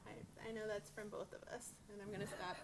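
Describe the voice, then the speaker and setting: A woman rabbi speaking at a bat mitzvah service in a synagogue sanctuary, heartfelt and halting, with many restarts. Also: mid-range voice, flat delivery, creaky, a crowd in the background. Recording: noisy livestream recording.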